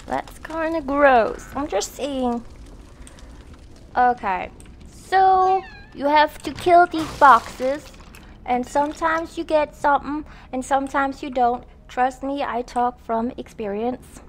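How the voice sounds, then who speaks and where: A young woman with a high voice talks slowly as she plays a horror video game for her gaming channel, with a faint hiss or hum in the audio. Her let's-play commentary is casual and chatty, full of self-mockery and frequent laughter.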